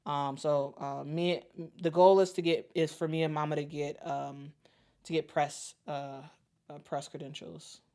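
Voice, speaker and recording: A young woman with a Chicago accent hosting a casual sports livestream, talking in a halting way with lots of fillers and restarts. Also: sits low, little pitch movement, mellow. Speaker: sports show host. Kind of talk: casual livestream chat reading super chats.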